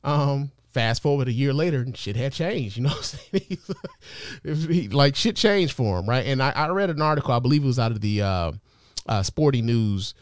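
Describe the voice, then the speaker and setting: A man of middle pitch hosts a podcast in a loose, profane, chatty monologue with plenty of fillers and asides. The sound is dry and close, with no room echo. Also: animated, moderate pace. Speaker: podcast host. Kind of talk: casual commentary monologue.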